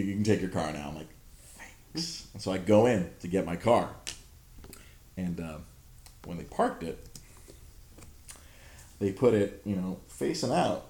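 Low and darkish in tone, this thirty-something podcast host swears his way through an exasperated story, chatting casually. There's a roomy echo to the recording.

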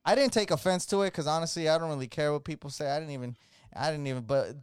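Clear-voiced, animated podcast storyteller man. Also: on the high side, fast talker, no room sound, clean studio sound. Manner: animated, slangy, acts out quoted voices. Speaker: podcast co-host. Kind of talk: casual storytelling chat.

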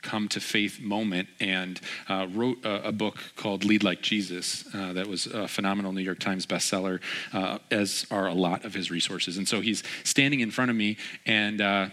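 A man's voice: on the low side, steady tone, normal speed, bright, forceful tone. Chatty storytelling pastor, a man. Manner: storytelling, chatty with frequent fillers. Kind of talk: conversational sermon.

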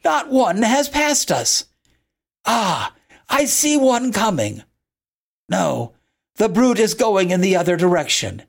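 A reader voicing a kind, strong grown man who helps a stranger in the snow in a storybook reading, gentle and reassuring in manner. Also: medium pitch, sing-song, measured pace, husky, exaggerated voice. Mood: urgent. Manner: gentle and reassuring, then urgent calling.

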